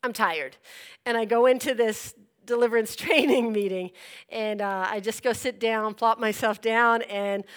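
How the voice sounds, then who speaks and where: A young woman telling a personal story in an animated way, acting out her own reactions and laughing as she goes. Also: on the high side, a little slow.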